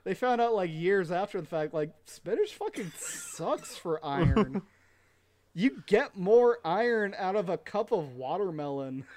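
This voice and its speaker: A podcast co-host talking in loose, rambling bursts. The pitch swings widely, and the speech is full of "like" fillers and swearing, broken up by laughter. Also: expressive, measured pace, hardly any pauses, darkish tone. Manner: rambling, heavy use of "like" and swearing; laughs often mid-sentence. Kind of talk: casual podcast chat.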